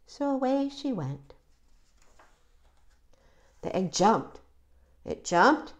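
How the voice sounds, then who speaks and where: A woman reading a children's picture book aloud, with an expressive, animated delivery. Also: fairly high pitch, very slow, long pauses. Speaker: children's story reader. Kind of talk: read-aloud storytelling.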